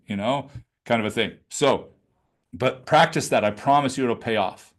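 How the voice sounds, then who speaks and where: A man coaching a live online class over a video call, with a mid-range voice. He talks casually and with energy, now and then dropping into a low throaty tone to show how a question should sound. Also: moderate pace. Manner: animated, demonstrative, conversational, drops into low throaty demonstrations. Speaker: business coach. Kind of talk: live webinar teaching.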